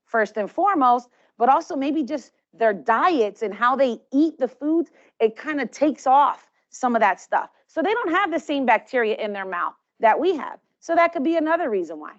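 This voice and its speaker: High-voiced woman giving dental tips. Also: lively intonation, moderate pace, hardly any pauses, muffled recording. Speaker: dental health presenter. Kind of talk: instructional talk to children.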